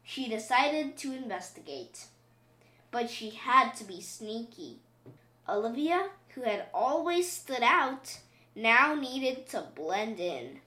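A woman reading a picture book aloud in an expressive, playful way. Her voice is high and bright and swings widely in pitch. It rings in a roomy, echoing space. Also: unhurried. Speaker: storybook reader. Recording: roomy echo.

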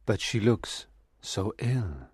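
An earnest young gentleman in love, voiced by a storybook narrator in a lowish, measured voice. He speaks slowly and deliberately. The sound is close and dry. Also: animated, breathy edge, dry recording, exaggerated voice. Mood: worried. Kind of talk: audiobook reading of a graded reader.

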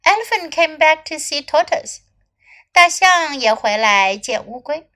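A woman English teacher reading a children's story aloud, line by line, in a slow and clear storytelling manner. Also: high voice, animated, pushed and bright.

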